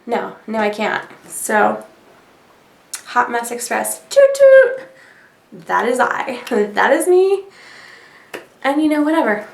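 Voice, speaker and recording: A woman's voice: fairly high pitch, slow, gravelly, long pauses. A woman vlogger chatting casually to camera at her desk, rambling and giggling at herself. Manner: rambling, giggly, self-deprecating. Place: sitting at a desk at home under lights. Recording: roomy, distant sound.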